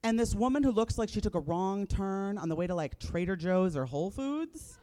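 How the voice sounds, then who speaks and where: A stand-up comic in her thirties performs live for an audience, her medium-pitched voice mellow, moderately paced, and lively in intonation. She's blunt and profane, landing punchlines with a wry touch.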